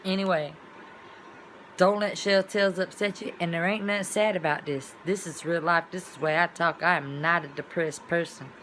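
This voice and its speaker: A woman's voice: on the low side, steady tone, moderate pace, a bit bright, a little hiss or hum. A woman vlogger talking in a casual, rambling monologue, with colloquial, folksy phrasing and sound-effect words.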